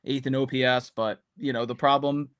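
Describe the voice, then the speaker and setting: A man's voice: medium pitch, fairly even intonation, normal speed, a bit bright, clear, resonant tone. A man talking through sports opinions in casual commentary, rambling and full of "um" and "you know" fillers. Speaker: podcast panelist.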